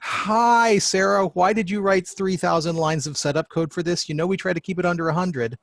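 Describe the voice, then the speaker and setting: A man's voice: sits high, moderate pace, creaky, fairly bright tone, dry recording, studio quality. A man voicing a cheerful automated code-checking tool that scolds a coder, in a mock-cheerful tone.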